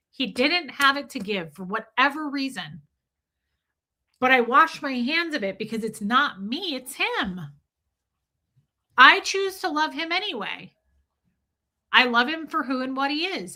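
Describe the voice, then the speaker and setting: A woman with a bright, forceful voice chats live with her viewers, candid and emphatic. She swears freely and speaks to people in the chat by name. Her voice sits a little above the middle in pitch. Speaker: streamer talking to chat. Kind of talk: casual live-stream chat.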